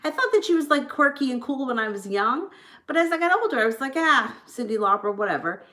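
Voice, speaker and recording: A woman's voice: high voice, sing-song, fast, a bit bright. Thirtysomething woman doing tarot on a livestream, rambly and blunt, swears a lot. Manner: rambling, frank, swears freely. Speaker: tarot reader. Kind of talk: casual livestream chat.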